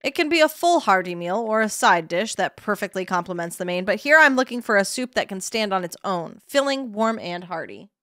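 A woman's voice: mid-range voice, lively intonation, fairly quick, few pauses, bright, forceful tone, dry recording, clean studio sound. Woman doing a grumpy mock-British TV chef. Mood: judging. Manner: mock British accent, clipped and critical. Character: grumpy male celebrity TV chef judge.

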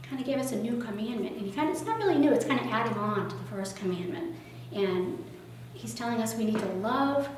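A woman leading a children's liturgy, retelling a gospel parable in a gentle, conversational way and asking the children questions. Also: mid-range voice, a little hiss or hum. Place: church or parish hall. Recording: very echoey room, mic far off.

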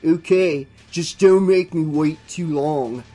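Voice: mid-range voice, unhurried, darkish tone, soft background music, close to an everyday voice. Chester, a smug vain teen boy, as a narrator reads him. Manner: smug, purring. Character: vain cocky teenage boy, scheming. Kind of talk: audiobook dialogue.

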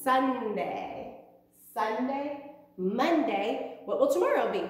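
Woman preschool teacher, fairly high voice, sing-song, child-directed, very echoey room, far from the mic. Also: expressive. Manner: slow, sing-song, talking to small children. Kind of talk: virtual preschool lesson. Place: at home.

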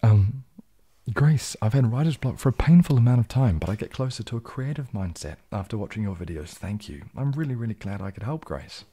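Deep, husky New man. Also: lively intonation, fairly quick, warm tone. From New Zealand. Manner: reads viewer comments aloud and answers them in a low, laid-back way. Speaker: ASMR streamer. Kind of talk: casual live-stream chat, soft-spoken.

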